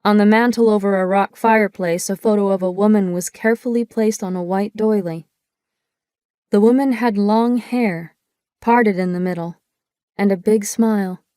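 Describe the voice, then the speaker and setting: This audiobook narrator tells a first-person story with measured, descriptive pacing. Her mid-range voice is steady, dark and clean, recorded on a close studio microphone without any echo.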